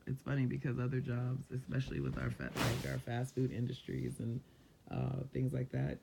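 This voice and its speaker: A man's voice: medium pitch, creaky, warm tone, slight background noise. A man from San Diego giving casual motivational advice to viewers in a loose, conversational way. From San Diego, California. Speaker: mindfulness vlogger.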